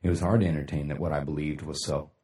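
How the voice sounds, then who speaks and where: Low-voiced guy cussing his way through a motivational livestream, echoey room. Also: fairly even intonation, fast, dark tone, distant mic. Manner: blunt, profane, rambling, laughs often. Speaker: livestream host. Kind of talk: casual motivational livestream talk.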